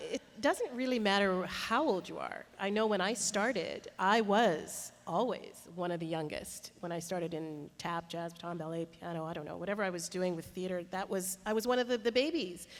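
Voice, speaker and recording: A woman voice actress and acting coach, speaking earnestly and thoughtfully on a convention panel. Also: lowish voice. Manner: earnest, reflective. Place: convention hall. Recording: echoey convention hall.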